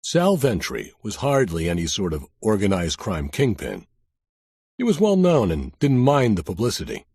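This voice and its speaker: Male audiobook narrator, first person, husky and animated, dry delivery, close dry sound. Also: fairly low pitch, moderate pace, dry recording.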